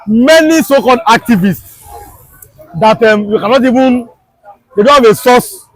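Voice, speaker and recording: High-voiced Nigerian man, emphatic and repetitive. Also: no room sound, rough recording. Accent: Nigerian, Yoruba. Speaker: street political commentator. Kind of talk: impassioned political commentary. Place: outdoors on a Lagos street.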